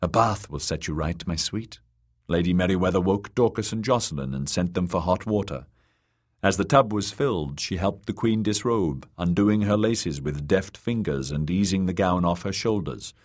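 A man narrating an audiobook in a measured, dramatic reading. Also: deep voice, animated, a little mellow.

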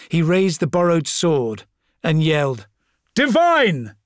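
A man's voice: mid-range voice, dry recording, clean studio sound. Man narrating a dramatic battle story. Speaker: audiobook narrator. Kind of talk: scripted narration.

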